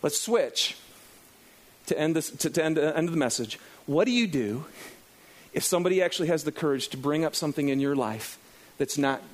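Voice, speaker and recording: A middle-aged man preaching a sermon to a congregation, animated and acting out his own inner dialogue. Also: fairly high pitch, brisk. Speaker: pastor. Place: in front of a congregation.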